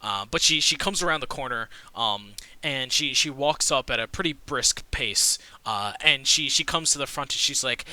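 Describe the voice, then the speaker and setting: A man narrating a tabletop game as game master, halting, with many fillers and restarts. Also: mid-range voice, bright, forceful tone.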